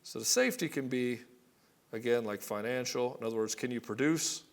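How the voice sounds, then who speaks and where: Talking straight to camera, a man coaches husbands on relationships in a brisk, medium-pitched voice. He's blunt, swears casually and acts out both partners in short skits.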